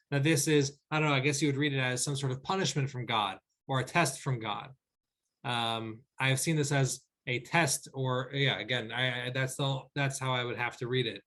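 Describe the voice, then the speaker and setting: A man, a rabbi, teaching a weekly class over a video call. He explains verses patiently, checks in with "okay?" and reads lines slowly before translating them. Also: medium pitch, bright, forceful tone.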